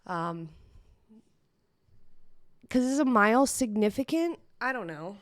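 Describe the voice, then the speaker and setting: In a clean studio recording with no room sound, a woman hosting a personal solo podcast speaks slowly and animatedly at a fairly high pitch. She is chatty and candid, uses fillers and becomes teary-eyed now and then.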